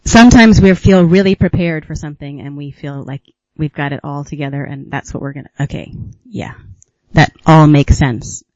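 A man giving a reflective talk as a retreat teacher, musing unhurriedly with gentle laughs and pauses. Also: a little high, no echo, dull audio. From United States.

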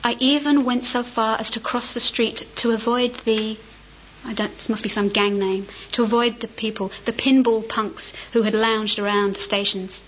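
Female storyteller, higher register, relaxed casual reading, muffled lo-fi recording with light hiss. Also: moderate pace. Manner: casual, occasionally laughing and stumbling over words.

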